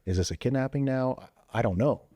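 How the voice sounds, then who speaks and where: A man's voice: mid-range voice, quick pace, dark tone, no echo, clean studio sound. A man, a former police officer and veteran, casually telling a story as a podcast guest, with loose fillers and quoted dialogue acted out with sudden voice jumps. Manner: loose, with many fillers like "you know" and "like".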